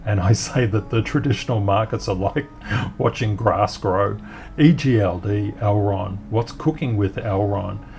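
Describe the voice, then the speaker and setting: A man's voice: lowish voice, measured pace, creaky, darkish tone, faint music behind. A man hosting an upbeat market chart commentary, talking in an encouraging way and cheering the charts on. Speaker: crypto market analyst host.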